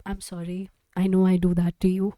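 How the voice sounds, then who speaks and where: A woman's voice: fairly low pitch, completely flat delivery, a little fast, warm tone, no room sound, close to an everyday voice. A woman reading as a mild middle-aged lawyer.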